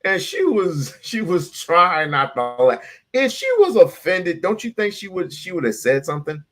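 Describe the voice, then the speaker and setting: A man's voice: high voice, very animated, moderate pace, a bit bright, faint music behind. A man hosting a casual reaction show, blunt, profane and sarcastic. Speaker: show host.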